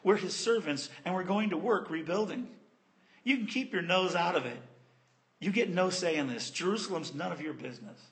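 A man's voice: high-pitched, normal speed. A man voicing a determined male leader who firmly refuses to be stopped, speaking in a defiant, plain tone. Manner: firm, defiant.

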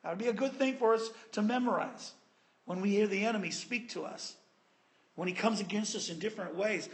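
A man preaching a sermon in an animated, conversational and playful way. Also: high-pitched, brisk.

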